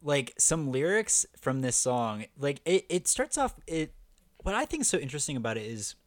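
A man's voice: a little high, big pitch swings, normal speed, no echo, studio quality. A man co-hosting a podcast in casual chat, rambling and enthusiastic, with lots of "like" fillers. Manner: chatty, heavy use of "like", enthusiastic. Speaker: podcast co-host.

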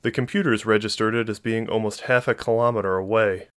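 Man narrating an audiobook, lowish voice. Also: fairly even intonation, brisk, a bit bright, clear, resonant tone.

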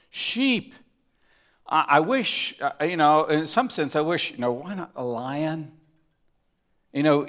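A man preaching a sermon, emphatic, moving between loud stresses and hushed asides, often asking his listeners rhetorical questions. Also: mid-range voice. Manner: asks the congregation rhetorical questions. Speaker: pastor.

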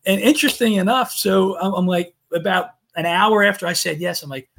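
Husky-voiced man telling a story. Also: sits high, fairly quick. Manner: animated storyteller, voicing his own past thoughts. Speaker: podcast guest. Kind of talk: storytelling in a podcast interview.

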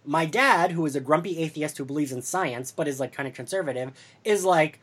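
A man telling a story over drinks on a podcast in a casual, animated way, acting out the voices of the people he quotes. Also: a little high, fairly quick, breathy edge.

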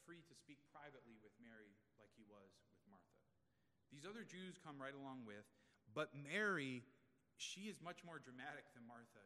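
A man's voice: mid-range voice, bright, forceful tone, slight background noise. Male pastor preaching in a reverberant sanctuary. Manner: conversational, asks the congregation rhetorical questions. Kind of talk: expository sermon. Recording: long reverb of a large room.

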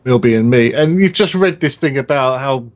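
A man's voice: medium pitch, expressive, moderate pace. A man co-hosting a podcast, rambling through a story with lots of restarts. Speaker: podcast co-host. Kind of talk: casual podcast banter.

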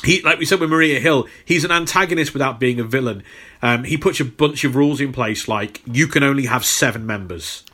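A bright, forceful-sounding man co-hosting a podcast. He talks in easygoing chat and rambles through explanations with lots of ums and restarted words. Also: mid-range voice, a little fast. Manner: rambling, filler-heavy, repeats words. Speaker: podcast co-host. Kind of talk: casual chat.

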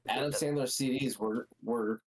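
Laid-back man of middle pitch, blunt. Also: steady tone, moderate pace, slight background noise, rough recording. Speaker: podcast co-host. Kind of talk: casual chat.

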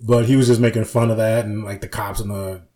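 A man's voice: fairly low pitch, flat delivery, fairly quick, dark tone. A man co-hosting a casual podcast, who retells comedy sketches with acted-out lines, laughs often and swears freely. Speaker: podcast co-host. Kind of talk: casual chat.

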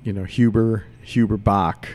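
Hesitant Chicago man, mellow low voice. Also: fairly even intonation, unhurried. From Chicago, USA. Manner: hesitant, many uhs. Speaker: brewery co-owner. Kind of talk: casual chat.

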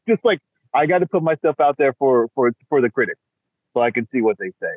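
A middle-aged man talks as a podcast guest, his voice thin and boxed-in as if coming through a phone line. He is animated and laughs easily, jumping into playful voices to act things out. The sound is dry, with no room around it. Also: medium pitch, fairly quick, no echo. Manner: animated, laughs often, acts out quotes in voices. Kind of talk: casual chat.

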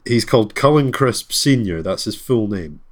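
A man chatting as podcast co-host, his voice sitting low. He jokes with dry asides and reads lists aloud in an easy, casual way. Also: animated, normal speed. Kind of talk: casual chat.

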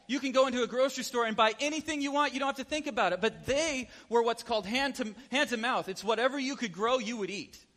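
Male preacher, high-pitched, animated storyteller, reverberant hall. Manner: animated, asks the listeners questions. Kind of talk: storytelling sermon.

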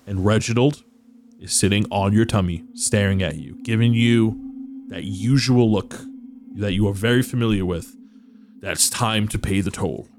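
A man narrating as game master of a tabletop role-playing game, quick to laugh with his players. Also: fairly low pitch, a little mellow, a little hiss or hum.

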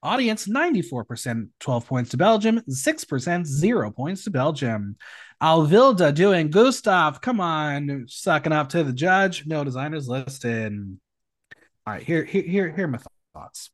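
A man hosting a casual recap podcast, opinionated and animated. His voice sits a little high and swings widely in pitch. He is recorded dry and close, with no room sound. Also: a little slow, dry recording. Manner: animated, opinionated, swings between loud and hushed. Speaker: podcast host.

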